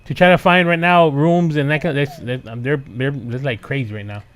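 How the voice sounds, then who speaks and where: A man's voice: a little high, fairly even intonation, fairly quick, a crowd in the background. A man chatting casually, rambling and switching between English and Spanish. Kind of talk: casual radio chat.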